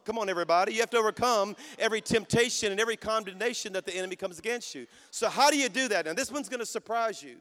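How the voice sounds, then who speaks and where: A man's voice: sits high, a bit bright. A man in his fifties preaching a sermon, exhorting the crowd with call-and-response. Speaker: pastor. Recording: long hall reverb.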